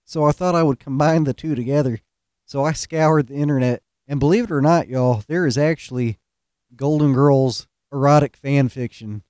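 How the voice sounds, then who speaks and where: Male host, relaxed joker, warm tone, dry close recording. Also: mid-range voice, normal speed, dry recording. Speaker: podcast host. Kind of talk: casual storytelling.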